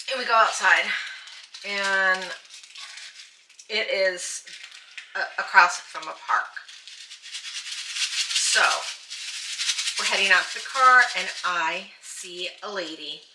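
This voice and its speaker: Casual host, woman; animated storyteller heard from across an echoey, noisy room. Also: mid-range voice. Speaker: channel host. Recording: roomy, distant and noisy.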